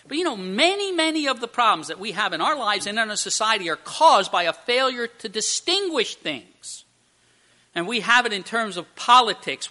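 A man's voice: high voice, sharp tone. A man preaching a sermon, telling a joke and then explaining a Bible passage, with frequent restarts and emphatic stresses. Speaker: pastor.

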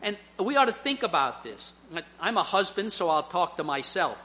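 A middle-aged male preacher delivers a sermon in a high, bright, forceful voice. He weaves in personal stories with earnest honesty. His delivery rises into emphatic swells. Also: very animated, moderate pace.

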